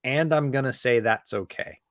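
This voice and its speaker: A man co-hosting a podcast in casual chat, explaining points in a measured way and repeating them for emphasis. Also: medium pitch, no room sound, clean studio sound. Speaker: podcast co-host.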